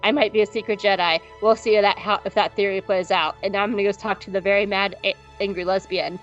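A woman voicing a blunt, scheming male spymaster in a quick, offhand way. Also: medium pitch, steady tone, faint music behind, voice pushed down, close to an everyday voice. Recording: dull lo-fi audio.

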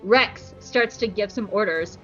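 A woman's voice: mid-range voice, measured pace, sharp tone, muffled recording, faint music behind. A woman podcast host giving a casual, sarcastic and playful episode recap. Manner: sarcastic and playful, jumps into voices.

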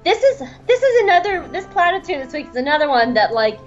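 A woman's voice: extremely high pitch, big pitch swings, fast. A young woman co-hosting a podcast, chatting loosely and rambling with lots of fillers, on a dull lo-fi recording. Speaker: podcast co-host. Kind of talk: casual recap chat. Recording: dull lo-fi with faint music.

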